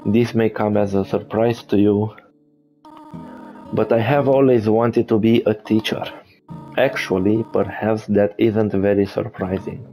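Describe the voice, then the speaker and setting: A man reading aloud the lines of a motherly monster woman in a game, gentle turning stern, in a plain reading voice. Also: on the low side, steady tone, unhurried, soft background music, rough recording.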